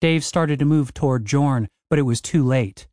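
A man narrating a comic fantasy audiobook in a wry, lively storytelling manner. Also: mid-range voice, moderate pace, no room sound, clean studio sound.

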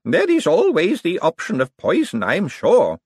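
A man's voice: a little high, wildly swooping pitch, moderate pace, breathy edge, no echo, clean studio sound, voice pushed up, exaggerated voice. A man doing a prim tiny old aunt. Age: older. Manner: fussy, prim, genteel. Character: very small elderly woman, prim, quietly ruthless. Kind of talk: audiobook character voice.

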